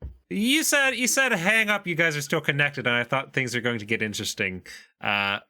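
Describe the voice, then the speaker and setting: A man's voice: a little high, expressive, fairly quick, bright, forceful tone, slight background noise. A man in a casual chat, wrapping up a game stream with wry remarks.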